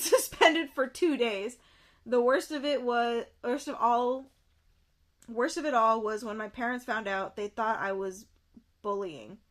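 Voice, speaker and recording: Animated young woman reacting to a book. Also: a little high. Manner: animated, exclaims and repeats herself. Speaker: streamer. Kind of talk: reading a book aloud and reacting.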